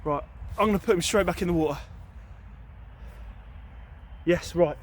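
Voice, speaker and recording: A middle-aged man vlogging by a river, talking chattily and excitably, often restarting his sentences. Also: high voice, moderate pace. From United Kingdom. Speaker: fishing vlogger. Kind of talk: casual outdoor vlog talk. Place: riverbank outdoors in winter.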